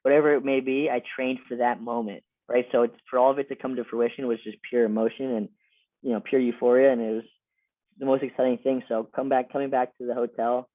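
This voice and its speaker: In a level, mid-range voice at a quick clip, an ex-college wrestler in his twenties from Lehigh Valley, Pennsylvania, recounts stories casually for an interview, full of repeated words, "like," and "you know." The sound is dry and tinny, phone-like, with no echo.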